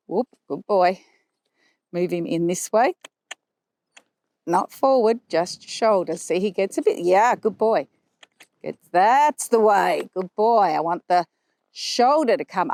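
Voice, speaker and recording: A woman horse trainer explaining her riding aids as she rides, calm and explanatory, with soft praise for the horse in between. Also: mid-range voice, dry recording. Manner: talking while riding a horse. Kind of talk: instructional commentary while riding. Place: riding arena.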